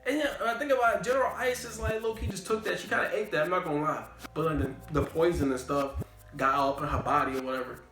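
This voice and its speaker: A young man recapping an anime in a casual, slangy, animated way, repeating catchphrases. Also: a little high, fast talker. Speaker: anime reviewer. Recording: roomy room, faint background music.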